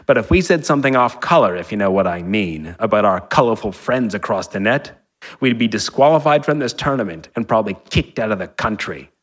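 A man reading a story aloud, voicing a smug, menacing aging athlete who taunts his opponent with slow, mock-polite jabs. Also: lowish voice, expressive. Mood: taunting.

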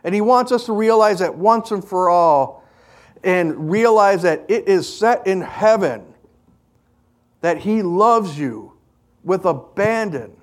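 A male pastor with a notably high speaking voice, preaching a sermon. He tells stories earnestly and with emphasis, driving each point home to the congregation. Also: expressive, slow.

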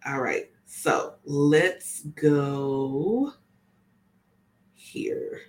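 A woman's voice: rumbling low, wildly swooping pitch, drawn-out words. A woman reading oracle cards in a casual live session, chatty and often checking in with her listeners. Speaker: spiritual oracle card reader. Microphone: camera on tripod with ring light.

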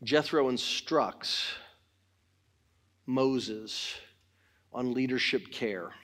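A middle-aged man preaching a sermon in church, swinging between loud exhortation and quiet talk. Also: medium pitch, very slow. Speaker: pastor.

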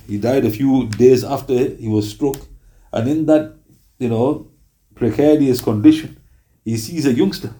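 A man's voice: mid-range voice, warm tone. A man teaching a religious lecture series, earnest, asking the audience rhetorical questions and quoting Arabic passages. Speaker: Islamic teacher.

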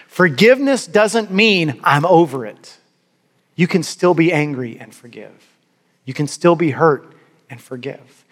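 A man's voice: on the high side, fairly bright tone. A man preaching a sermon as a pastor, earnest and emphatic, often repeating words for stress. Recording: long hall reverb.

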